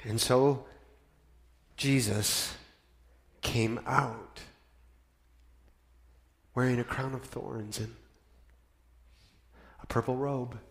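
A man narrating a dramatic scripture reading with expressive, varied emphasis. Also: medium pitch, extremely slow, pauses often. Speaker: scripture reader.

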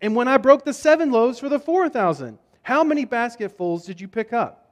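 A man's voice: very high-pitched, lively intonation, fairly quick, in a large hall, pitched above the performer's own voice. A man reading Jesus's words aloud in a sermon, playing him as an exasperated teacher who questions his followers. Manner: questioning, scolding lines read aloud with emphasis.

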